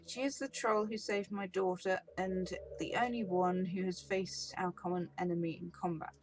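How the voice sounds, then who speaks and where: A woman doing an icy, wealthy patriarch from a role-playing game, clipped and formal. He gives orders with cold authority and little warmth. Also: lowish voice, steady tone, moderate pace, slight background noise, close to an everyday voice, rough recording. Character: cold, wealthy older man, stern patriarch.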